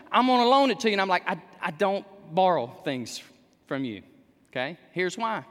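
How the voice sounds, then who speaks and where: A man preaching from the pulpit in a high, very lively voice that leaps up and down. He mixes joking asides with sudden shouted bursts, and his words ring through a church hall with a long, echoing tail. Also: moderate pace. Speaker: pastor. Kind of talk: sermon. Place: church sanctuary.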